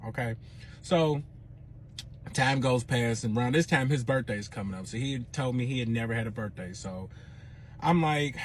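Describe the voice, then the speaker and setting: A man telling a personal story in a dramatic, profane, animated way. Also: medium pitch, quick pace, slight background noise. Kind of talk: storytime monologue.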